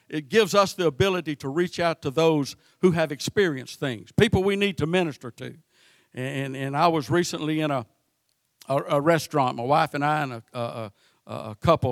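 A man's voice: a little high, fairly bright tone, no room sound, studio quality. A man preaching a sermon, stumbling and repeating words as he goes. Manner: halting, repeats words often. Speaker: pastor.

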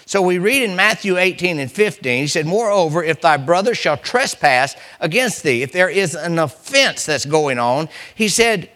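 A man preaching a sermon as pastor, restarting phrases and building to emphatic, slowed punchlines. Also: sits high, lively intonation, sharp tone.

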